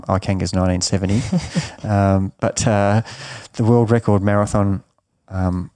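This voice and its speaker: A man's voice: sits low, darkish tone, no room sound, studio quality. A middle-aged man giving emphatic coaching advice in an interview, often repeating and restarting his words. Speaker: triathlon coach.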